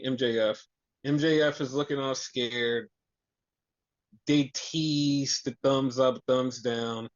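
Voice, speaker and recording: Podcast host ranting thru a wrestling recap, swears a lot, acts out the quotes, kinda dull lo-fi sound. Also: medium pitch. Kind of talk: casual wrestling recap chat.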